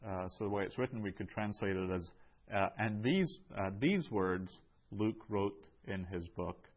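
A man teaching a Greek class, going over answers in a slow, measured way with many ums and uhs. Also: fairly low pitch, animated, dull audio.

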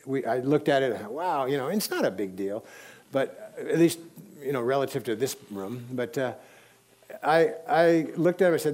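A man preaching a sermon in a relaxed storytelling way, with sudden emphatic rises. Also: mid-range voice, normal speed.

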